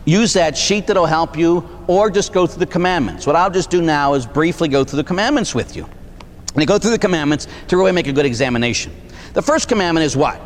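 A man's voice: a little high, quick pace. A man preaching a sermon as a Catholic priest, telling stories and acting out dialogue. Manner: animated storytelling, acts out dialogue, tags lines with "huh?". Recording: faint noise, long hall reverb.

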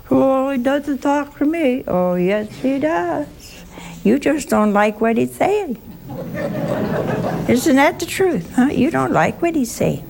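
A woman's voice: medium pitch, vocal fry, a little mellow, a little hiss or hum. An older woman teaching a Bible lesson, chatty and teasing, asking her listeners questions. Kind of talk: sermon-style Bible teaching.

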